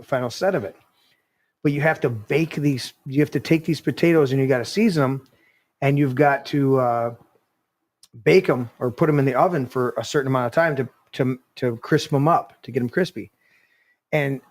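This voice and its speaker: Rambling man telling a casual story. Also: mid-range voice. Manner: rambling storyteller, many restarts. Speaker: podcast host. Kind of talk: casual chat.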